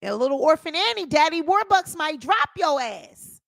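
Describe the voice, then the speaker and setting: A woman's voice: high-pitched, big pitch swings, moderate pace, creaky, fairly bright tone, no echo. A woman hosting her own channel, giving sassy, opinionated celebrity gossip commentary and calling her viewers honey.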